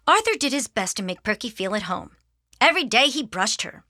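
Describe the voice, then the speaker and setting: A woman reading a children's storybook aloud in an expressive, sing-song manner. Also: on the high side, a little fast, dry recording, clean studio sound. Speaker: audiobook reader. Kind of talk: storybook narration.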